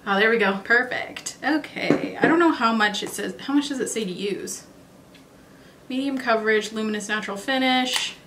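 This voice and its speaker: A woman's voice: a little high, normal speed, background noise. Chatty woman thinking aloud over makeup. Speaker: beauty vlogger. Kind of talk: casual makeup tutorial chat.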